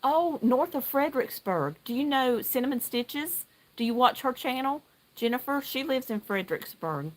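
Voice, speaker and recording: A middle-aged woman from North Carolina, chatting casually with viewers on a livestream, excitable and greeting people by name. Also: sits high, moderate pace. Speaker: livestream host. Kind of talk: casual live chat while knitting. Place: outdoor deck at home.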